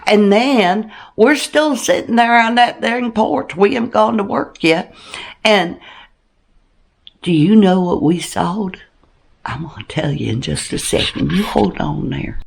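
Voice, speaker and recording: A flirty, giggly country gal with a thick drawl, as a woman puts her on for a comedic monologue. She talks slowly and lazily. Her pitch leaps high and dives low from one phrase to the next. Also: expressive, creaky, husky, heavily acted. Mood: gossipy. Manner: slow drawl with wildly swooping pitch. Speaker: channel host in a character.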